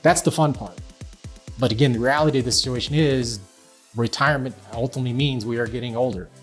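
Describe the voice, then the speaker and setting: Soft music plays in the background as a middle-aged podcast host talks fast in a medium-pitched voice. The chat is casual, and he's chatty and self-deprecating throughout.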